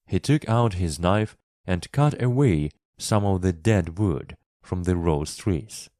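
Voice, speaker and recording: A man narrating a classic story for English learners, slow, clear and expressive. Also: low-pitched, no room sound, studio quality.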